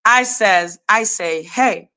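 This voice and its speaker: A woman hosting a livestream, telling a story in a casual, animated, profane way, often laughing and breaking into shouts. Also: medium pitch, slow pace, smooth. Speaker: host.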